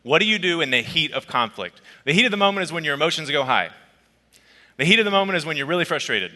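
A man preaching a sermon as a pastor, telling a personal story in a conversational, lively way. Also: fairly high pitch, quick pace, in a large hall. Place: church auditorium.

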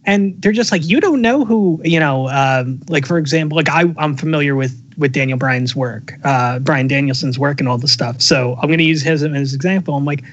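A man chatting casually on a podcast, wry and quick to swear while telling stories. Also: mid-range voice, fairly even intonation, fairly bright tone, highs cut off. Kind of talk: casual chat.

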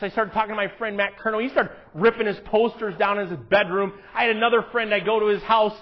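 A man with a high voice preaches to his congregation, animated, dropping to a hush and then rising to loud emphatic lines. The recording is dull and lo-fi. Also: quick pace, hardly any pauses. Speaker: pastor. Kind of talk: sermon. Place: church.

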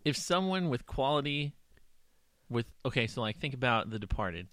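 A man chatting casually and rambling through stories, slipping into little acted-out voices for the people in them. He sits at a middle pitch for a man. The sound is dry, with no room echo. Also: expressive, moderate pace, a bit bright. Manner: rambling, acts out quoted characters. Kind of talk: casual chat.

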